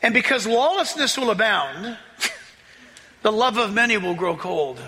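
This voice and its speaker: A man preaching a sermon as a pastor, excitable, often laughing and rising to shouts as he reads scripture. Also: sits high, measured pace, big-room sound, a little hiss or hum.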